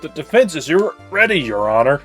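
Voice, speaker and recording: A man's voice: fairly high pitch, very animated, fairly quick, over music. A man voicing a wry young male defense lawyer in a fan dub of a video game, dry and sarcastic.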